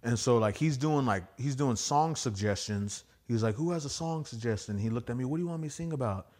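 A man who does stand-up comedy, telling stories as a podcast guest in a loose, profane, slangy way, acting out what others said in lively quoted voices. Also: mid-range voice, fast. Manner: profane and slangy, peppered with "bro" and "dude". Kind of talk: casual storytelling.

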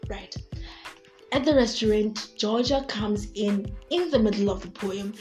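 A woman's voice: medium pitch, unhurried, darkish tone, soft background music. A woman hosting a podcast in a casual commentary monologue, emphatic and repeating her points while talking straight to her listeners. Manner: emphatic, repeats herself, addresses listeners as guys. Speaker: podcast host.

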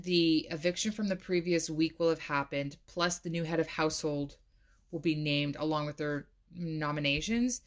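Low-voiced chatty woman podcaster. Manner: chatty, says "like" a lot, laughs often. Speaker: podcast host. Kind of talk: casual solo podcast chat.

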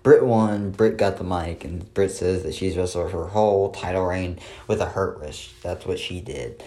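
A man with a very low voice talks through a wrestling show on his own. His recap is casual and dry, with sarcastic asides and plenty of filler words. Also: normal speed, dark tone.

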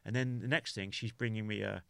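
A man from the United Kingdom, a podcast guest, recounting a personal story in a halting way, full of restarts and "you know" fillers. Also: on the low side, steady tone, gravelly, bright, forceful tone, no room sound.

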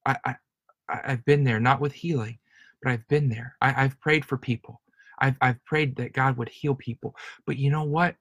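A man preaching with earnest feeling, circling back over his words and repeating phrases for emphasis. His voice sits at an ordinary middle pitch. The sound is close and dry, with no room echo. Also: steady tone, moderate pace, a bit bright. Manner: earnest, repetitive, stumbling restarts. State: emotional. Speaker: pastor. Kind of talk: sermon.

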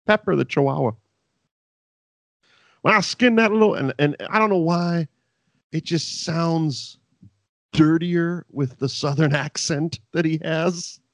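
A man's voice: on the high side, dry recording. A man co-hosting a podcast, recapping wrestling in casual, profane chat and laughing often. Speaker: podcast co-host.

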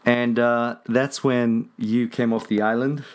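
A man's voice: mid-range voice, level tone, takes it slowly. A man hosting a podcast, chatting in an easygoing, talkative way and laughing easily. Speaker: podcast host. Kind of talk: casual chat.

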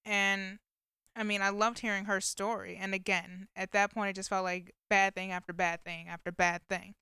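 A woman with a bright, forward voice talks casually, filling her retelling with likes and you-knows. Her tone is very smooth and clean, recorded close and dry with no room sound. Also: medium pitch, level tone, normal speed, no room sound. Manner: chatty storytelling with many fillers. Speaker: vlogger recapping a movie. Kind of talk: casual chat.

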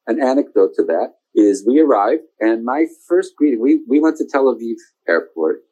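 A man in his forties tells a long personal story as an interview guest, speaking at a medium pitch in a casual tone. He gets animated when he acts out what other people said, and he laughs often along the way. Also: normal speed, dull audio. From United States.

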